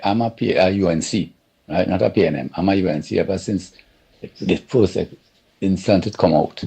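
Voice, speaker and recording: A man's voice: deep voice, gravelly, warm tone, slightly rough. A man calling in to a radio show with a rambling, indignant political complaint. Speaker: caller. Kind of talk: phoned-in political rant.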